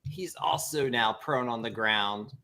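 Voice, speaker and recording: A man narrates a tabletop game as its game master, his voice bright and clear at a middle pitch. He talks in halting bursts, full of uhs and little laughs. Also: slight background noise.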